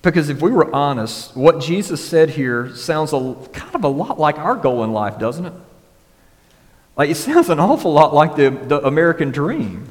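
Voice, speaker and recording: A man's voice: fairly high pitch, very animated, normal speed, long reverb tail. A man preaching a casual, conversational sermon as pastor, often checking in with the congregation. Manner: casual, conversational preaching with frequent "right?" and "y'all".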